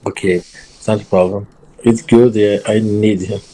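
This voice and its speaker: A man's voice: lowish voice, fairly even intonation, moderate pace, mellow, poor audio. A man from Brazil with a Brazilian Portuguese accent, a student in an English class on a video call, answering briefly and agreeably.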